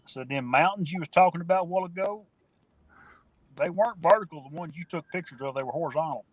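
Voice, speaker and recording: Texan man, fast folksy chatter over a phone. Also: fairly high pitch, dry recording. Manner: folksy Southern talk, drawling phrases. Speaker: guest viewer. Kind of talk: casual chat. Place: in a vehicle, pulled over.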